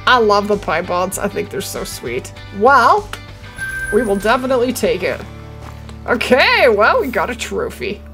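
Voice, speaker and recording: A young woman live-streaming a hunting game, chatting with her viewers and getting excitable. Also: mid-range voice, unhurried, faint music behind. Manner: excitable, chatty, talking to chat. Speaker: gaming streamer.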